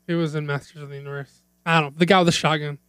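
Higher-voiced man in casual, profane chat. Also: level tone, racing, a bit bright, smooth, no room sound, clean studio sound. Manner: rambling, profane, restarts sentences. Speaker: podcast co-host.

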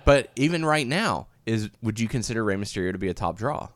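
A man with a low voice that rises and falls a lot, making his case in a measured, analytical way. He sounds close and dry, with no room echo. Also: animated. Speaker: podcast co-host. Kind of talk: casual wrestling chat.

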